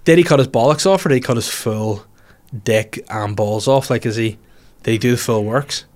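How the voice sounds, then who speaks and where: A man's voice: mid-range voice, normal speed, darkish tone. A man telling a long, rambling story in casual chat, swearing and laughing at himself as he goes.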